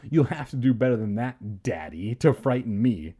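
A man's voice: mid-range voice, lively intonation, normal speed, dark tone, husky. A man voicing a teasing young girl who talks dryly and mockingly. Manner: dry, mocking.

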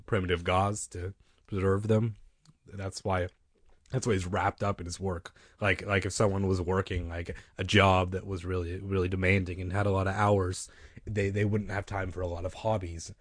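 A man's voice: sits low, no room sound, clean studio sound. A man reading a children's book aloud, stumbling and breaking off for rambling joking asides.

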